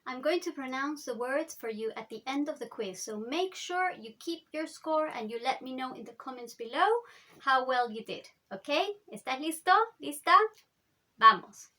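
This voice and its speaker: A woman teaching the alphabet in an upbeat, encouraging lesson, spelling out letters slowly. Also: high-pitched, expressive, bright, forceful tone. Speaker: language teacher. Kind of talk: friendly language lesson.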